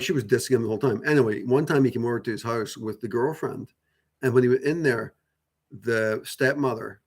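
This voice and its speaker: A man's voice: mid-range voice, vocal fry, a little mellow. Rambling man musing on spiritual energy. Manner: rambling, many fillers and restarts, swears casually. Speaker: channel host. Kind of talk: casual spiritual talk to viewers.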